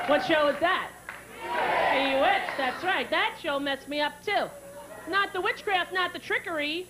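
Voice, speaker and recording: A woman in her thirties doing a stand-up routine, animated and breaking into shrill character voices and sung jingles. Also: a little slow. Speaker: stand-up comedian. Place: stage before a live audience. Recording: live show with loud audience and crowd noise. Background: audience laughter.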